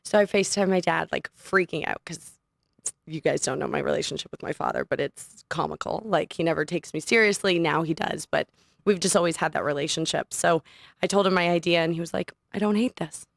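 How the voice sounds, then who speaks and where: A young adult woman, a podcast guest, telling a personal story in an animated, casual way and laughing often. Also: sits low, fairly quick, creaky, no echo, clean studio sound. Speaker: podcast guest, studio owner. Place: podcast studio.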